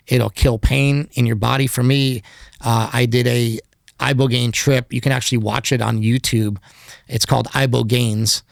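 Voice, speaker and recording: A mid-pitched man with a rough, gravelly edge speaks as a podcast guest. He talks in an open, meandering way and leans on filler words between thoughts. His voice is recorded close and dry in a studio. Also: dry recording. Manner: candid, rambling, heavy use of filler words. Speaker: podcast guest, documentary filmmaker. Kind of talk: casual interview conversation.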